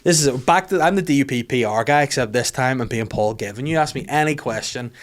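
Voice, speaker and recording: A man's voice: mid-range voice, lively intonation, fast. A man with a Northern Irish accent hosting a podcast, rambling through a casual comedic monologue, self-deprecating and sweary. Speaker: podcast host.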